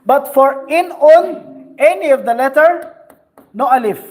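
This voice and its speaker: Slow, patient male Quran teacher. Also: very high voice, animated, darkish tone. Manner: patient, repeats sounds and checks understanding. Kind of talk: slow classroom instruction.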